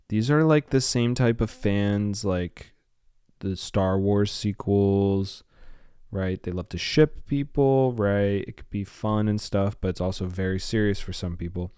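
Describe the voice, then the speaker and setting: Low-voiced man with a slight lisp. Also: a little mellow, clean tone, dry recording, clean studio sound. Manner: rambling, drifts off topic and back. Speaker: podcast host. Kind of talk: casual solo podcast rambling.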